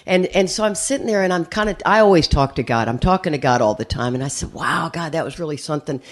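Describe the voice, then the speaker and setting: A woman's voice: lowish voice, quick pace. Chatty older woman telling a story. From USA. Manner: chatty storytelling, repeats words at starts. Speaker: AA speaker. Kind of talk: recovery meeting share.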